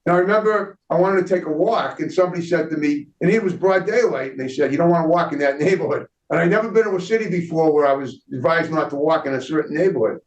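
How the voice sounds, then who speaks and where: A man's voice: a little high, fast talker, hardly any pauses. A man hosting an interview, asking rambling questions and repeating words. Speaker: interview host. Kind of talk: casual interview chat. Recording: roomy, distant, dull audio.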